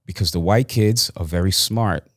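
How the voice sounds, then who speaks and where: A man's voice: low-pitched, normal speed. Impassioned man, middle-aged. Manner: impassioned, emphatic, preaching cadence. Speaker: guest, former actor. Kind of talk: interview conversation.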